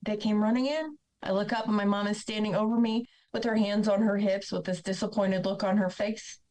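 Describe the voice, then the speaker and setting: A woman's voice: medium pitch, fairly even intonation, brisk, darkish tone, poor audio. A woman speaking as a podcast guest, telling her own painful life story in a blunt, candid, emotional way. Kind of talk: personal storytelling.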